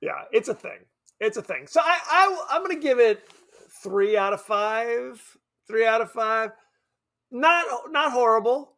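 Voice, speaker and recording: A man co-hosting a podcast, chatting casually about a film in an animated, joking, self-deprecating way. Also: very high voice, a little slow. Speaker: podcast co-host. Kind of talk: casual film review chat.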